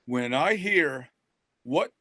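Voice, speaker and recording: An older man talks in a folksy, joking way as he co-hosts an online chat. His voice sits a little high for a man. The sound is dry and close. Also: animated, very slow, pushed and bright, no echo. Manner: folksy, jokey, laughs often. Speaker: reading program author and co-host. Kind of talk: casual webinar chat.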